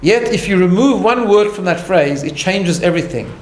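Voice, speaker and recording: A man with an expressive, high voice teaches an informal rabbinic class in a study hall at a normal pace. He's conversational yet emphatic, restarting often and asking "right?" to check in. The room echoes, and a faint hum runs in the background.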